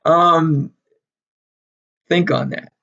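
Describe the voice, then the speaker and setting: A man giving a casual, animated history lecture, emphatic and repeating key words, with frequent laughs. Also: fairly high pitch, very slow, gravelly, muffled recording. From northern United States. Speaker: history teacher.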